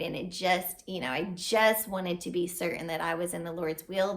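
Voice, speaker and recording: A woman's voice: fairly low pitch, vocal fry, a bit bright. A woman in her thirties giving an earnest, heartfelt faith testimony at home, encouraging the listener. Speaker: vlogger sharing a faith testimony. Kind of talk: personal testimony to camera. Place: home, at a table.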